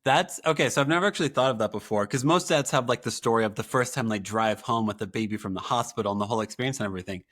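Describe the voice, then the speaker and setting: Relaxed man hosting a podcast chat. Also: mid-range voice, rapid-fire, hardly any pauses. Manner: relaxed, frequent yeahs, plays out quotes. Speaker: podcast host. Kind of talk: casual chat.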